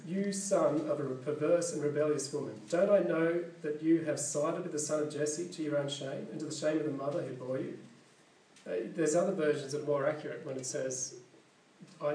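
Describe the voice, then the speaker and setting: A man preaches a sermon, reading scripture aloud and explaining it conversationally while often correcting himself mid-sentence. His voice is fairly high in pitch with a dark tone and a moderate pace. He sounds off-mic and distant in an echoey room, with slight background noise.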